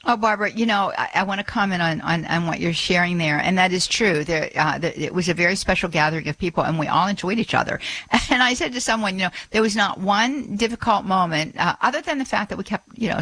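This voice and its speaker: A woman's voice: fairly low pitch, fast talker, fairly bright tone, rough recording. A middle-aged woman hosting a call-in radio show, chatty and full of fillers and small laughs. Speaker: radio host.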